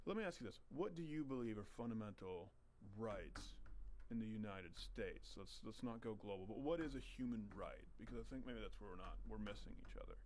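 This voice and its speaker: A man's voice: lowish voice, big pitch swings, a little fast, darkish tone. Man, debate questioner, probing and challenging, faint background noise.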